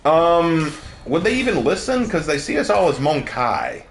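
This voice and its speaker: A man's voice: on the high side, sing-song, measured pace, a little hiss or hum. A man chatting casually on a gaming livestream, loose and jokey as he reacts to viewers.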